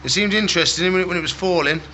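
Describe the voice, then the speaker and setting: A man's voice: high voice, very fast, sharp tone, a little hiss or hum. A man hosting a casual pet vlog, chatting to viewers and cooing affectionately at his animals as he feeds them. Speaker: exotic pet keeper and channel host. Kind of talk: casual vlog narration while feeding animals.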